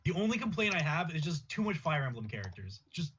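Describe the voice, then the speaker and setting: A man on a casual gaming podcast, talking in a relaxed, hesitant way with many fillers. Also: on the high side, fast talker, slightly rough. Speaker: podcast co-host. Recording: dull lo-fi sound.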